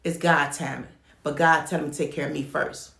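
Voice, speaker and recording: A woman speaks candidly to the camera about running a home child care business, and she lands her points with emphasis. Her voice sits low and has a rough, gravelly edge. The sound bounces around an echoey room. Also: fairly even intonation, fairly quick, a bit bright. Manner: frank, emphatic storytelling. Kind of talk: candid talk-to-camera advice.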